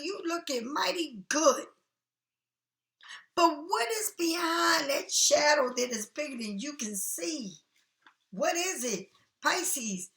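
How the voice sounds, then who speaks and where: This tarot card reader talks in a high, fairly bright voice that bounces around an echoey room. She's frank and chatty as she reads cards for her viewers, cursing without restraint and addressing the listener as "honey."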